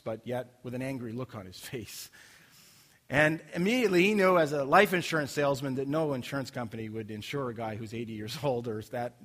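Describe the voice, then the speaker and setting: A man's voice: mid-range voice, a bit bright, big-room sound. A man preaching a sermon in an earnest, conversational way, often restarting phrases and telling a story. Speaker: pastor.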